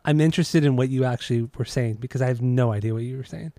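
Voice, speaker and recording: A man's voice: mid-range voice, quick pace, mellow, dry recording. A man co-hosting a casual music podcast, laid-back and swearing freely in conversation. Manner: laid-back, profane, laughing easily. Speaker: podcast co-host.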